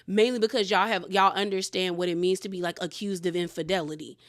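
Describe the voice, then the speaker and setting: A woman's voice: on the low side, fast. Chatty young woman recapping reality TV. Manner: chatty, animated retelling full of "like". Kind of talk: casual episode recap.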